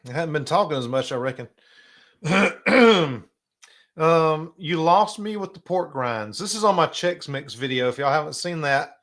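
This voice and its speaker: A middle-aged man with a South Carolina accent hosting a casual live stream, chatty and drawling, often clearing his throat. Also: fairly high pitch, fairly bright tone. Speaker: host.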